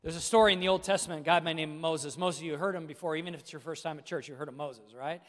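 High-voiced middle-aged pastor, hall echo. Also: male voice, rapid-fire, a bit bright. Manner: emphatic preaching, addresses listeners directly. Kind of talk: sermon.

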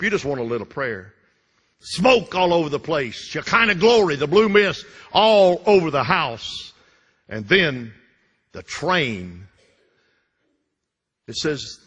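A man preaching a fervent sermon, repeating lines and swinging from loud bursts to hushed drops. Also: medium pitch, breathy edge. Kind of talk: Pentecostal-style sermon. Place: church sanctuary. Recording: reverberant church hall.

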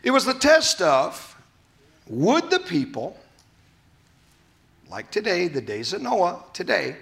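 A man preaching a sermon at a church service, exuberant and loud at times, then dropping to a hushed, tender voice. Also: high voice, wildly swooping pitch, slow pace, creaky. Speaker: pastor.

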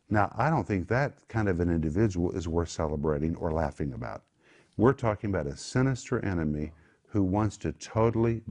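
Male pastor, low voice, emphatic sermon-style teaching. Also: a little mellow. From United States. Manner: emphatic, rises sharply on key words.

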